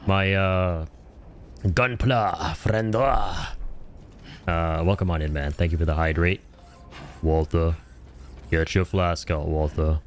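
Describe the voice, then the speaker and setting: A man's voice: deep voice, fairly even intonation, takes it slowly, pauses often. A man streaming a video game, joking and swearing in casual commentary and slipping in Hindi phrases. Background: game music.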